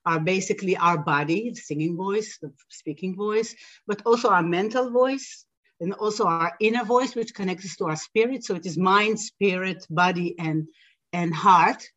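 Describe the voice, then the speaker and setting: A woman speaks as a podcast guest, a singer who tells her story in an animated way. She pauses often and fills gaps as she talks. The recording sounds slightly dull and lo-fi. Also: mid-range voice. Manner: animated storytelling with frequent hesitations. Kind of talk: casual podcast interview.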